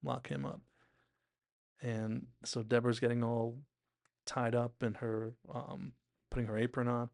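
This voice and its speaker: Podcast host, male, gravelly, dry close sound, chatty recap delivery. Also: mid-range voice, little pitch movement, measured pace, darkish tone, dry recording. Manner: chatty, enthusiastic, acts out quotes, many "like"s. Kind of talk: casual episode analysis.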